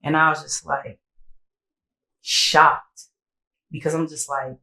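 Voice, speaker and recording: A young woman co-hosting a podcast, telling a personal story in a slangy, candid way and jumping higher in pitch when she quotes people. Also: flat delivery, slow, long pauses, sharp tone, roomy sound, low-quality recording. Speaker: podcast co-host. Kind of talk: casual storytelling.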